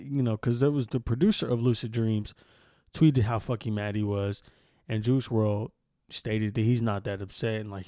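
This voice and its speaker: A man's voice: mid-range voice, warm tone, no echo, clean studio sound. A young man hosting a solo podcast, reading news aloud and then ranting about it with heavy profanity. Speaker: podcast host.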